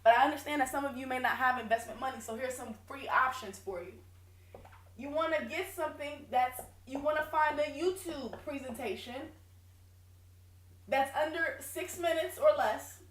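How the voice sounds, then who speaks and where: A woman's voice: high voice, moderate pace, fairly bright tone. A woman business coach giving direct, emphatic advice in a casual video lesson. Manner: direct, emphatic, self-correcting. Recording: echoey room.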